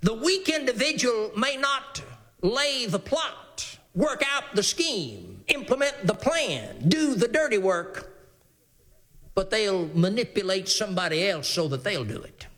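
A man's voice: high-pitched, big pitch swings, measured pace, fairly bright tone. A male preacher giving a folksy, emphatic sermon.

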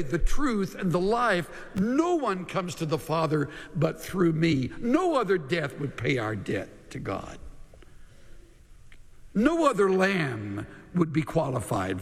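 A man preaching a sermon as pastor, slow and measured, with dramatic pauses and emphasis that drops at the ends of lines. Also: on the high side, big-room sound.

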